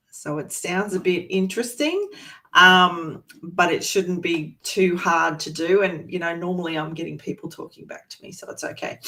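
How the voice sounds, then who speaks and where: A woman's voice: fairly low pitch, a little slow, pushed and bright. An Australian woman from Sydney, a language teacher giving an online presentation and explaining patiently with frequent ums. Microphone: video call.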